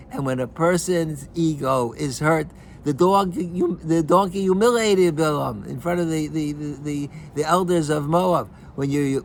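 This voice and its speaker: A man, a rabbi, giving a sermon in a halting way, with many repeated words and restarts, and he raises his pitch to act out quoted voices. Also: creaky, slight background noise.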